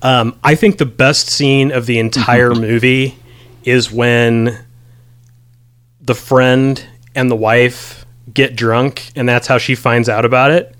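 A man's voice: medium pitch, fairly even intonation, takes it slowly, a bit bright, clean tone. Man, podcast host, casual film chat, hesitant, filler-heavy. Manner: rambling, many ums, reads quotes aloud.

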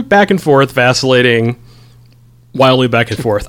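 A man's voice: medium pitch, expressive, measured pace, pauses often, a bit bright, clean tone. Rambling man chatting about a film. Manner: rambling, many ums, reads quotes aloud. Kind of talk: casual film discussion.

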